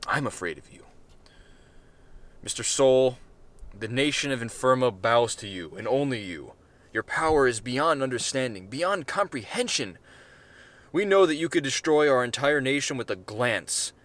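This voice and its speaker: A man voicing a calm, formal male ambassador who speaks in a measured way. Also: mid-range voice, close to an everyday voice. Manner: formal and measured, growing fearful.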